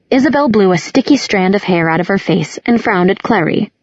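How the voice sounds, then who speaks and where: A woman narrating an audiobook in a measured, descriptive manner. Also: mid-range voice, lively intonation, no room sound, lo-fi sound. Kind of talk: scripted narration.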